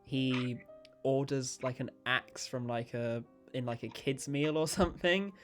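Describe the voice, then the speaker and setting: A man's voice: medium pitch, unhurried. Young man, podcast host, casual chat, swearing, laughing, faint music underneath. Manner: chatty, swearing, laughing often.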